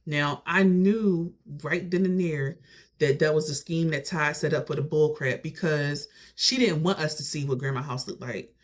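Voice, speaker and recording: A young adult vlogger telling a family story in a casual, animated way. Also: mid-range voice, moderate pace. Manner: animated, conversational retelling.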